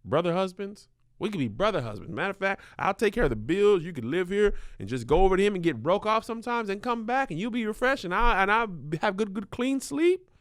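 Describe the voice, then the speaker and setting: Brief: male comedy advice host, very lively pitch, bright, dry studio sound, reads letters then riffs. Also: fairly quick, no room sound. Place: small studio.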